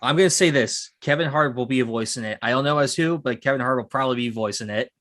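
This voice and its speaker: A man's voice: medium pitch, fast talker, a bit bright. Easygoing male podcast co-host. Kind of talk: casual chat.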